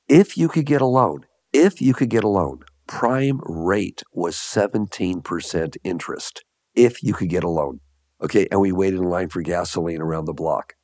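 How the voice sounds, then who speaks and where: An older man from Los Angeles with a low, gravelly voice speaks as an interview guest. He tells his stories unhurriedly, leaning on repeated phrases and chuckling now and then, recorded close and dry. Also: a little mellow, no room sound. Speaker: guest, entrepreneur. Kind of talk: interview storytelling.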